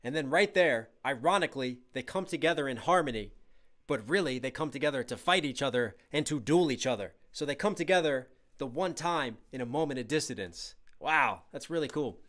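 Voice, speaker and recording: A man reacting to music on a live stream, excitable and breaking down lyrics line by line in casual commentary. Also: medium pitch, brisk. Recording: music playing in the background.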